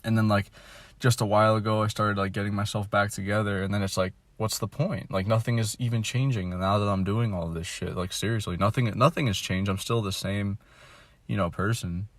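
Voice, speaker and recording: A young man in his twenties vents into his phone in a low, deflated voice. He rambles and swears, with "like" and "you know" in every breath. The sound is dry and close, with no room echo. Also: fairly even intonation, a little fast. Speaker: vlogger. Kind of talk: casual venting monologue.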